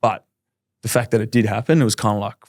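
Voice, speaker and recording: A man in his thirties with an Australian accent, telling his story candidly in a relaxed podcast chat. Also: lowish voice, no room sound, studio quality. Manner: rapid, candid, laid-back with frequent ums. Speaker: podcast guest, professional footballer.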